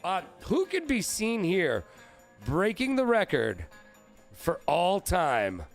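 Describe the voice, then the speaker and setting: A man hosting a live-stream trivia game, excitable and profane, riffing with his chat. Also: high-pitched, slow, creaky, faint music behind.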